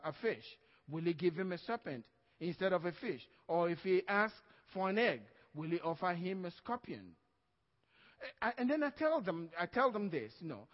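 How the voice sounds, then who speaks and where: Pastor, male, high voice, emphatic sermon delivery, dull recording with long hall reverb. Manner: preaching with emphatic stresses and frequent "Amen?".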